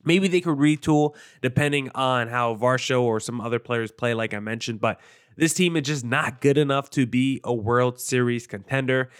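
A man's voice: medium pitch, moderate pace, clean tone. Opinionated man talking baseball. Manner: opinionated, conversational. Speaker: sports show host. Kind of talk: casual baseball analysis monologue.

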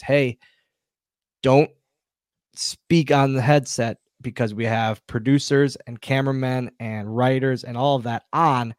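A man with an ordinary mid-pitched voice tells a relaxed, animated story. He acts out bits of dialogue as he goes. The sound is dry and close, with no room echo. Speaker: guest, former wrestler. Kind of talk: casual storytelling.

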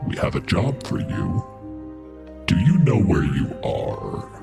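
A man's voice: deep voice, sing-song, slow, music in the background, exaggerated voice. A man voicing a menacing male devil who gives cold, commanding orders in a tabletop game.

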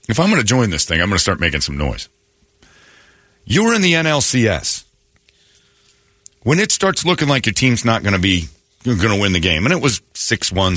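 Man, radio host, low pitch, very lively delivery, storytelling, blunt opinions. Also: dry recording. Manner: animated storytelling, acts out both sides of conversations; blunt opinionated rants with mild swearing. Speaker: radio morning show host. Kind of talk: casual radio chat.

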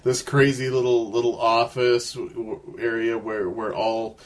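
A man's voice: medium pitch, level tone, unhurried. A man hosting a casual interview, laughing and reacting with amusement. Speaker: podcast host. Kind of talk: casual chat.

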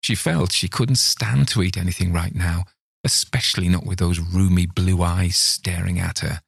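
A man narrates a story in a measured, unhurried way, his voice very low and gravelly. The recording is close and dry, with no room sound. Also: steady tone, no echo. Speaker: reader of stories.

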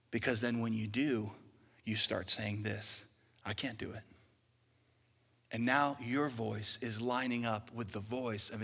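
A man's voice: medium pitch, a bit bright, husky, long reverb tail. A male pastor preaching a sermon, asking rhetorical questions and building in intensity.

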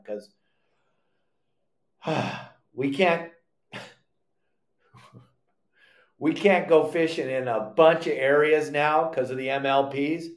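Heated older man, fishing show host. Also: on the high side. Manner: heated, emphatic, repeats words. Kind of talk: live show monologue. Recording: echoey room.

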